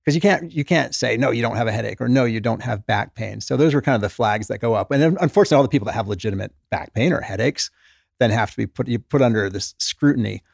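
Speaking fast in a gravelly, medium-pitched voice, a middle-aged former doctor and author shares stories as an interview guest. He's an animated storyteller who acts out his patients' quotes in their voices. It's a studio-quality recording without echo.

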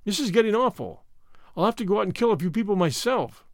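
A man voicing an excitable, exasperated male war correspondent in a storybook reading. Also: high-pitched, fast talker, dry recording, studio quality. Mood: frantic.

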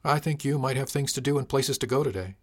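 A man's voice: medium pitch, fast, voice pushed up, natural voice. A man doing a proud cheerful dock foreman.

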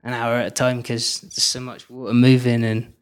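A man's voice: mid-range voice, monotone, moderate pace, clean tone. A man telling stories on stage as a filmmaker guest at a live event, rambling loosely and laughing often.

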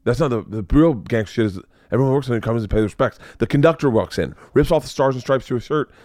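A man's voice: medium pitch, expressive, fast talker, darkish tone, dry recording, clean studio sound. A man hosting a podcast, telling a rambling story in casual chat, swearing and laughing often. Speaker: podcast host and comedian.

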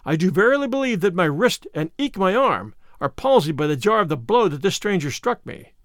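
A man's voice: high-pitched, sing-song, a little fast, no room sound, clean studio sound. A man voicing a proud, bruised male outlaw leader in a storybook reading, speaking in hearty, archaic phrases.

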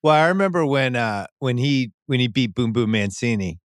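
A man's voice: mid-range voice, expressive, normal speed, no echo, studio quality. A man hosting a casual podcast interview, chatty and reminiscing. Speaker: podcast host.

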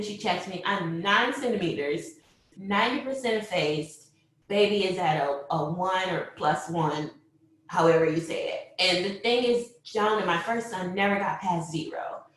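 A young woman telling a personal story, animated, acting out what people said and laughing often. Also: mid-range voice, a little slow. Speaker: mother telling her birth story. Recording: very echoey room.

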